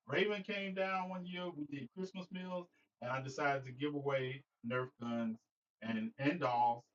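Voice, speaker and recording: A man's voice: mid-range voice, distant mic. A man hosting a casual livestream, joking and rambling as he talks to viewers by name. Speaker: livestream host. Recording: dull lo-fi sound, slightly off-mic.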